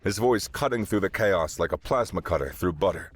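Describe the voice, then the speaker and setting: A man narrating a sci-fi story in a steady, dramatic way. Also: low voice, brisk, breathy edge.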